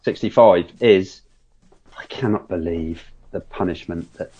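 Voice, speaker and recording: Rambling man reviewing films, low voice. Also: measured pace, mellow, breathy edge, muffled recording. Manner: rambling, restarts often, acts out scenes in quotes. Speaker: film podcast host. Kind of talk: casual film review chat.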